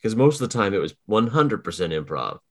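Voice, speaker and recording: Male podcast co-host, very low voice, rambling wry chat. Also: big pitch swings, a little fast. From Boston area. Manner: rambling, self-correcting, wry. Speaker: podcast co-host and game master. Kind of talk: casual chat.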